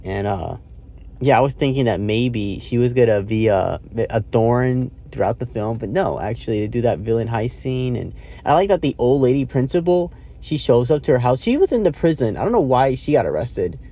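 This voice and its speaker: A man's voice: medium pitch, animated, moderate pace, warm tone. A man talking through a movie review in a casual, rambling way, swearing now and then and laughing often.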